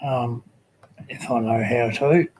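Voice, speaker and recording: Slow, halting man hosting a livestream. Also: medium pitch, fairly even intonation, a little mellow, slight background noise, low-quality recording. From Australia. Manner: halting, many fillers, greets chat viewers by name. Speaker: livestream host. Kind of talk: casual livestream chat.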